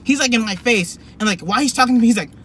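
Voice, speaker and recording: High-voiced young man telling a story. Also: rapid-fire, slight background noise. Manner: rambling and animated, full of "like" and restarts. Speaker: vlogger. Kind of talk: casual storytelling.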